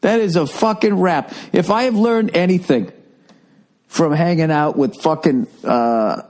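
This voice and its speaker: A man's voice: a little high, unhurried. A man hosting a podcast, ranting through profane, rambling comic stories. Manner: profane, rambling, animated storytelling. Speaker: comedian and podcast host. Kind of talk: stand-up style podcast rant.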